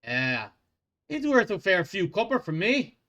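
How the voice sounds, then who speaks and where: A man voicing a crude, cocky male dwarf bounty hunter with a put-on Scottish accent, loud and boisterous. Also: high voice, big pitch swings, measured pace, dull audio, pitched above the performer's own voice, full character voice. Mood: smug. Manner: boisterous, swearing.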